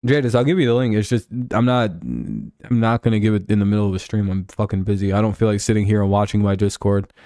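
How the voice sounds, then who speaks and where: A man's voice: lowish voice, fast talker, hardly any pauses, warm tone, no echo, clean studio sound. A man streaming live, talking football in a rambling, profane way with lots of fillers and restarts. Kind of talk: casual live-stream sports chat.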